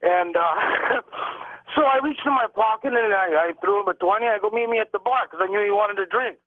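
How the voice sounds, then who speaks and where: Guy calling into a radio show telling a story, pretty high voice, dry tinny phone sound. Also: normal speed, dry recording. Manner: animated storyteller, acts out quoted lines. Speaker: caller.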